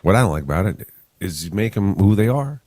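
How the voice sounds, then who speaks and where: A man's voice: low voice, big pitch swings, brisk, darkish tone, no room sound. A man hosting a morning radio show, joking with his co-host and running a call-in quiz. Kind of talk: casual radio banter.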